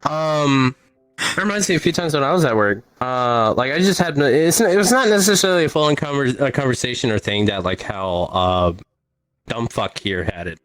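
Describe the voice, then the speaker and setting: A man's voice: medium pitch, normal speed, no room sound. A young man co-hosting a podcast, joking and swearing a lot in casual banter. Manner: animated, swears a lot, jokey. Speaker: podcast co-host.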